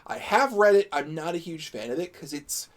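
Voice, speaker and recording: Chatty man with a lively, high-ish voice. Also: moderate pace. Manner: chatty, rambling, self-mocking. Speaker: game master and stream host. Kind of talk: casual stream chat.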